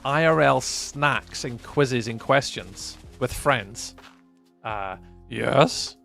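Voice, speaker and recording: A man's voice: mid-range voice, lively intonation, drawn-out words, vocal fry, pushed and bright, soft background music. A Scottish man chatting casually through a live gameplay stream, greeting viewers by name as he talks. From Scotland. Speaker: livestreamer.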